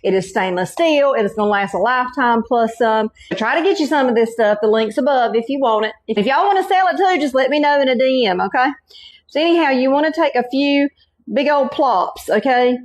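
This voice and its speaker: A woman's voice: high-pitched, expressive, a little fast. A middle-aged woman with a Southern Carolina accent, hosting a home cooking demonstration in a folksy, chatty way. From North Carolina. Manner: folksy, chatty, keeps saying y'all and okay. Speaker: cooking channel host.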